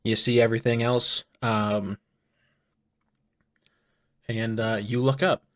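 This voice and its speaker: A man running a tabletop game as game master, narrating the scene in a relaxed way with frequent ums and uhs. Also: mid-range voice, slow, no echo, clean studio sound.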